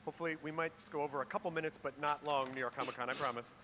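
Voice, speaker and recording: Fairly high-voiced male panel moderator. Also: fairly even intonation, rapid-fire, bright, forceful tone, slight background noise. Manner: repeats and rephrases his questions. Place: convention hall stage. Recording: panel audio with crowd behind.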